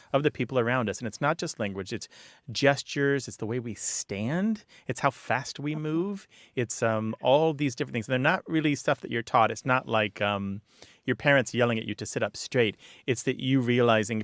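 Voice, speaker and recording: A middle-aged man co-hosting a radio show about words. His voice sits at an ordinary pitch and is recorded close and dry in the studio. He talks in an easy, conversational way and now and then jumps into loud mock-dramatic voices. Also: normal speed, dry recording. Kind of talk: casual radio chat.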